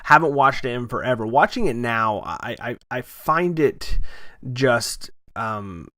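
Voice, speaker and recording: Bright, lively male podcast host. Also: medium pitch, no echo, studio quality. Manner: halting, many restarts and fillers. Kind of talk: casual movie review chat.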